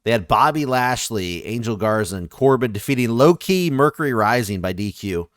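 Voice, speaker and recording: A man's voice: mid-range voice, expressive, moderate pace, no room sound, studio quality. A man in casual podcast chat, reading ratings and reacting with wry asides. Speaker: podcast co-host.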